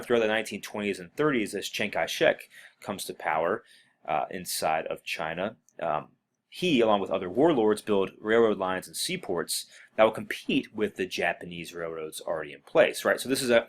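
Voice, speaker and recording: A man's voice: sits low, fairly bright tone. A man teaching a recorded history lesson while scrolling through notes, talking casually with many fillers and restarts. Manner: casual, filler-heavy, self-correcting. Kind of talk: recorded classroom lecture.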